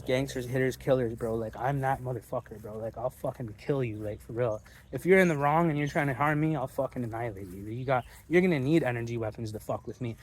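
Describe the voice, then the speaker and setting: A young man rants into his phone outside, his voice sitting at an ordinary, middle pitch. He sounds intense and preachy, swings into boasts, and swears constantly in a rough street style. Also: slight background noise. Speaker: vlogger. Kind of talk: profane street-talk rant. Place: outdoors in a public street.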